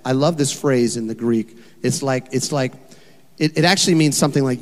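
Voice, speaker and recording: A male pastor preaching a sermon in an animated, emphatic way, full of rhetorical questions. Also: mid-range voice, a little fast. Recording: long hall reverb.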